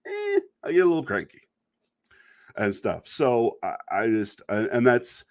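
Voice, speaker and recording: A man's voice: medium pitch, wildly swooping pitch, a little slow. Rambling, wry middle-aged man. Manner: rambling, wry and exasperated, laughs at himself. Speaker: video podcast host. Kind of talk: casual monologue about online commenters.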